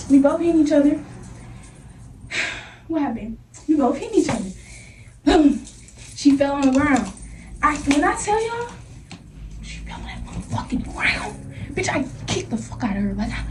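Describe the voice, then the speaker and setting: High-voiced young woman telling a story animatedly. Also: normal speed, long pauses, slight background noise. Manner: animated, acts out scenes, heavy slang. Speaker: vlogger. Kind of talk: casual storytime. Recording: echoey room, voice from a distance.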